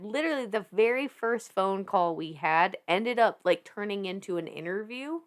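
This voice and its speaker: A woman in her thirties with a Southern US accent, a podcast guest telling her story in animated casual talk, laughing often and swearing freely. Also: mid-range voice, moderate pace, hardly any pauses.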